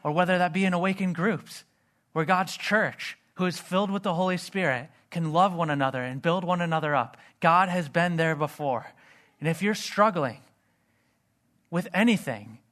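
Pastor, male, earnest sermon delivery, voice sits a bit high. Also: normal speed, a bit bright.

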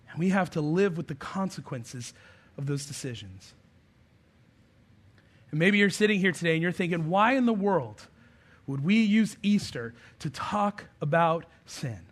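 A man in his thirties preaches in a relaxed, conversational style, with a fairly high voice. He leans on humor and family stories. He builds to emphatic, raised points. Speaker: pastor. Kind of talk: sermon.

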